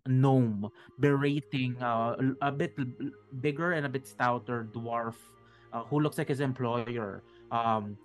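A man narrating a tabletop fantasy game as game master, rambling with many restarts. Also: mid-range voice.

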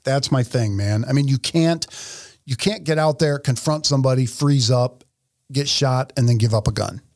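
A man's voice: mid-range voice, normal speed, no room sound. A man co-hosts a casual talk show from an office, blunt and profane. He tells stories with animation. The sound is dry and close. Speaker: podcast co-host. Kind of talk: casual opinionated chat. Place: office studio.

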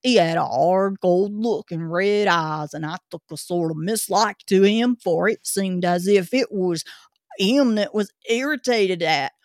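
A woman voicing a grumpy but chatty old male zookeeper, talking in a rough working-class dialect. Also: mid-range voice, measured pace, no room sound, clean studio sound, natural voice. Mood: gruff.

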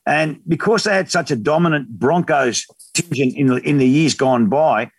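Guesting on a relaxed radio chat, this Australian man in his fifties tells lively stories full of slang and laughter. He speaks at a normal speed in a fairly high voice with a breathy edge, and no room sound is audible.

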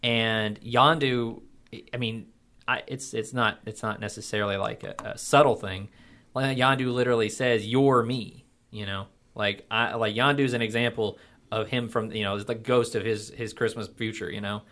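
A man's voice: lowish voice, fairly even intonation, moderate pace, bright, forceful tone. A man co-hosting a casual movie discussion, rambling through his points and correcting himself as he goes. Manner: rambling, self-correcting analysis. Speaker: podcast co-host.

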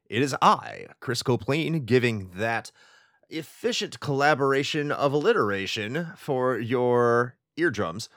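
A man's voice: medium pitch, fairly bright tone, dry recording, studio quality. A man hosting a retro gaming podcast, talking in a playful, wordy, alliterative way. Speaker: podcast host. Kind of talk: casual podcast chat.

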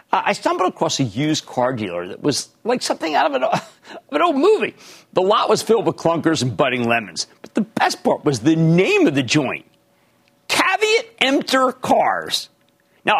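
An older man hosting a market call-in show, emphatic and rapid-fire, shouting his catchphrases. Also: a little high, slightly rough. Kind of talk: loud call-in lightning round and commentary.

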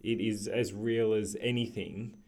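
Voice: medium pitch, fairly even intonation, unhurried, warm tone. A podcast co-host in casual chat who laughs easily and reflects on their own experiences.

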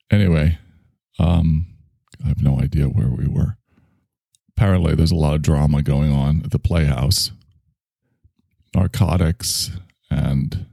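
Playful, gravelly-voiced man. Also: a bass voice, mellow, no room sound, studio quality. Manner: rambling, playful. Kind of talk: improvised comedy monologue.

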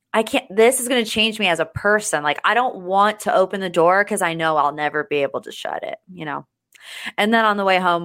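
A young woman hosting a pop culture podcast in a chatty, animated, self-deprecating way. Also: on the low side. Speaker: podcast host. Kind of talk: casual pop culture chat.

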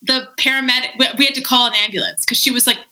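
Casting: woman guest, bright, high voice, chatty and animated, laughing through anecdotes. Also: fast talker, rough recording. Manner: animated, laughing often, lots of "like". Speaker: podcast guest. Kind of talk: casual storytelling.

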